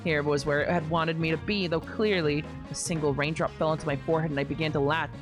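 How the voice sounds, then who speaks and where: A young woman reads a visual novel aloud on a stream, breaking off for wry asides. Her voice sits a little low and stays expressive. Soft music plays faintly behind her. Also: fast.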